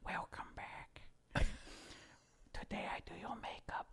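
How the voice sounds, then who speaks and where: A man's voice: takes it slowly, fairly bright tone. A man voicing a woman ASMR artist with a thick Chinese accent, in a whispered role-play. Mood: soothing. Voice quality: breathy whisper, high-pitched.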